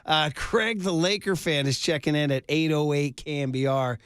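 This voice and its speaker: A man's voice: fairly high pitch, normal speed, a bit bright, clean tone, no room sound, clean studio sound. A man hosting a sports talk radio show, chatting casually and telling stories with a laugh. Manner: chatty, storytelling, laughs often. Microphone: studio mic.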